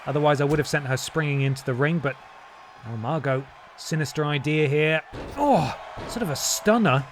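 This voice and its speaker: A man's voice: a little high, normal speed, noisy background. A man, streaming a wrestling game and doing playful mock-announcer commentary with jokey asides. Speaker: gaming streamer.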